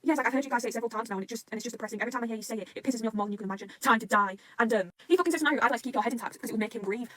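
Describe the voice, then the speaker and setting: A woman reacting to a manga arc, rambling and swearing often, swinging between rants and excitement. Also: a little high, no echo. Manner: swears constantly, rambling, quick emotional swings.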